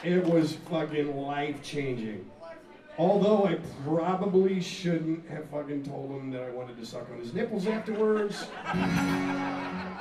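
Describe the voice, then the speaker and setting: A man, a rock singer, telling a profane, animated story between songs at a live music venue, laughing and acting out the scene. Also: fairly high pitch, measured pace, background noise. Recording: echoey live room, mic far off, loud crowd.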